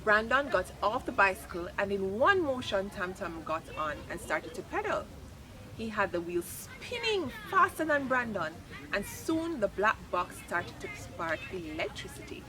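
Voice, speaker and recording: A woman reading a children's chapter book aloud, lively and expressive. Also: mid-range voice, measured pace. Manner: expressive, lifts voice for quoted lines. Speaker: storybook reader. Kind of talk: read-aloud children's story narration.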